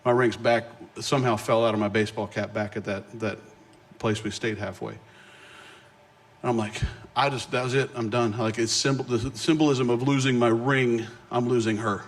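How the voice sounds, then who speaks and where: With medium pitch and an animated manner, a middle-aged guest speaker recounts a personal experience in his sermon, joking at his own expense and restarting lines quickly.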